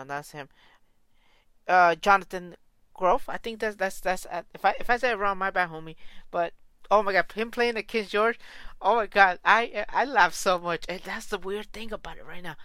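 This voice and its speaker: Casual vlogger woman, low-ish smooth voice, excitable and gushing, dry close sound. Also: dry recording. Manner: gushing, excitable, lots of restarts and exclamations; slangy, informal. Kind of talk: casual reaction vlog.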